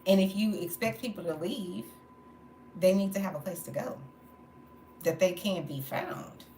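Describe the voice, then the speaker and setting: Warm and unhurried, a woman's mid-range voice carries a late-night livestream monologue from her home. Tired from going without sleep, she vents candidly and laughs between stories; there's a roomy echo and a faint hum of background noise.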